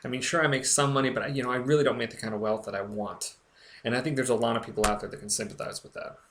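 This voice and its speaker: A man's voice: medium pitch, steady tone, fairly bright tone, a little hiss or hum. A young man talking earnestly to camera in a personal vlog, stumbling and restarting often as he speaks with emotion. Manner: earnest, halting, with frequent restarts. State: recovering, emotional. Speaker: blogger. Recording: echoey room.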